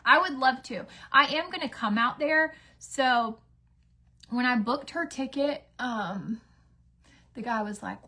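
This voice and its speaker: This beauty vlogger, a woman in her thirties, gets ready at home while chatting in a slightly high, expressive voice that sounds pushed and bright. She speaks a little slowly, rambling with fillers and acting out bits of dialogue in a casual get-ready-with-me style.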